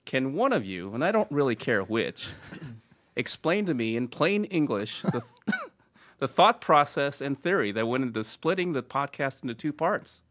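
A man's voice: mid-range voice, sing-song, normal speed, a bit bright. Man reading a listener letter, laughing. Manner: laughs while reading, stumbles over words. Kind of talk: casual chat, reading a letter aloud.

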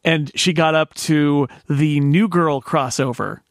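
Man, podcast co-host, fairly high voice, rambling, restarts a lot, dry close sound. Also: takes it slowly, no room sound. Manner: rambling, self-interrupting. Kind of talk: casual chat.

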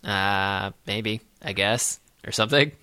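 A man co-hosting a podcast, chatting casually about a film with dry sarcasm and many halting fillers. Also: on the low side, bright, forceful tone, smooth, no room sound. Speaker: podcast co-host.

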